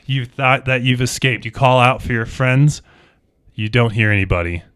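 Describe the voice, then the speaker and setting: A man's voice: medium pitch, moderate pace, clean tone. Man narrating as game master. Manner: dramatic, animated storytelling with second-person narration.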